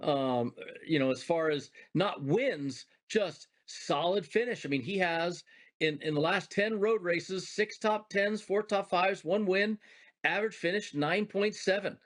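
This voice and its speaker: A former racing driver gives his picks on a betting talk show, emphatic and enthusiastic about his favorites. His voice is a little higher than most men's, and it comes in over a remote call. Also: unhurried.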